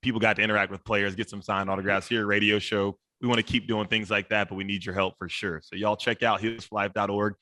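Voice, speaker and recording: Male podcast host with a quick pace and a dry close sound, breezy and friendly in tone. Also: on the low side, level tone, bright, forceful tone, no room sound. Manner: upbeat, chummy, says "man" often. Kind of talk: casual podcast sign-off.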